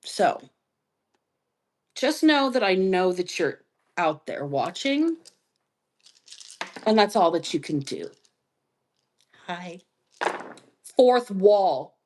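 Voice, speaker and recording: A woman hosting a live stream psychic reading, talking slowly and musingly and spelling out letters as she goes. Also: on the low side, big pitch swings, a little mellow, slight background noise. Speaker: psychic reader.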